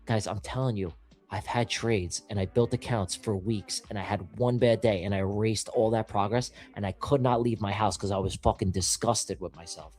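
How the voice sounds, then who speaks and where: A man's voice: on the low side, normal speed, a little mellow, soft background music. A man hosting a live trading stream, giving blunt, emphatic advice with plenty of swearing. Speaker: trading show host. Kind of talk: casual live-stream chat.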